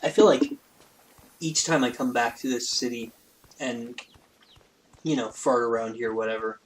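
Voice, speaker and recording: A man's voice: mid-range voice, fairly even intonation, a little slow, a little hiss or hum, rough recording. A man giving rambling, self-deprecating, jokey commentary while playing a game. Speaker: let's play host. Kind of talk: casual gameplay commentary.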